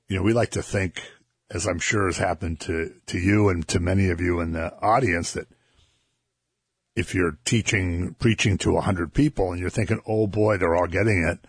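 A man chatting casually about scripture on a talk show, relaxed and chuckling as he tells stories. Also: low-pitched, normal speed, breathy edge, no room sound, clean studio sound. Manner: conversational, chuckling, relaxed storytelling. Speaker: co-host discussing scripture. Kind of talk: casual Bible discussion.

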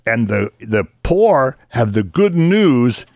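A man's voice: mid-range voice, very animated, slow, a little mellow, no room sound. A man co-hosting a Christian radio talk show, explaining Bible passages in a rambling, conversational way and laughing easily.

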